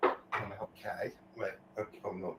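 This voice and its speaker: In a replayed livestream clip, a streamer rants on and on, profane and repetitive, packing in fillers and constant "okay"s. His lowish voice is flat, fairly bright, and a little fast, and the rough recording carries some hiss or hum.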